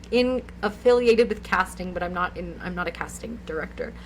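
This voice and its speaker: A woman's voice: mid-range voice, slight background noise, low-quality recording. A young woman co-hosting a podcast, telling a rambling, giggly anecdote full of "like"s in casual chat. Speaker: podcast co-host.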